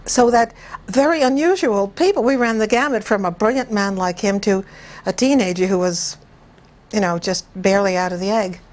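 An older woman, a television director, reminiscing in an interview with unhurried, anecdotal storytelling and frequent chuckles. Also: medium pitch, a little mellow.

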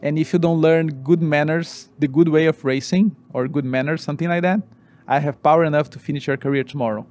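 Man, 40s, animated storyteller, halting English, slightly higher voice. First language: Portuguese. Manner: animated, halting non-native English with restarts. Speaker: former racing driver, guest. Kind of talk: interview storytelling.

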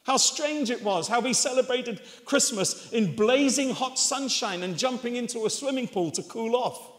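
A man's voice: extremely high pitch, moderate pace. A man in his sixties from England, preaching a sermon as a chuckling, self-mocking storyteller. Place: church hall. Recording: long reverb of a church hall.

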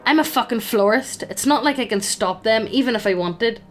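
A woman's voice: on the high side, moderate pace, faint music behind, close to an everyday voice. A woman voicing a nervous male guard who mutters with dread in his voice.

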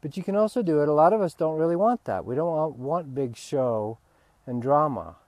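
A man, a spiritual teacher, giving a relaxed, candid talk and swearing freely. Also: fairly high pitch, moderate pace, dry recording.

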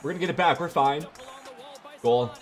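A young man giving excited, hyped commentary over his own hockey video game, yelling at big plays and joking with crude words. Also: a little high, moderate pace. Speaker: gaming YouTuber. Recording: faint music behind.

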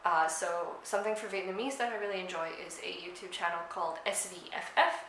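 Bright-voiced chatty South African woman. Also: fairly low pitch, steady tone, fairly quick, echoey room, a little hiss or hum, poor audio. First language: Afrikaans. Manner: chatty, with frequent ums and likes. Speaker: language vlogger. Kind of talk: casual explanatory talk to camera.

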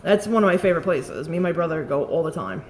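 A woman's voice: lowish voice, expressive, fast, darkish tone, a little hiss or hum. A woman, rambling and swearing casually as she chats on a live stream about beauty products. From Staten Island, New York. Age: late 30s.

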